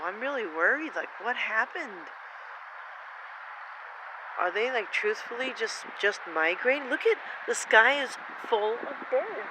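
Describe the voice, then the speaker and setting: A woman filming outdoors on a phone, giving an excited, breathless running commentary and exclaiming over and over. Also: fairly high pitch, background noise. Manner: breathless, exclaiming, repeating herself. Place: outdoors in the cold.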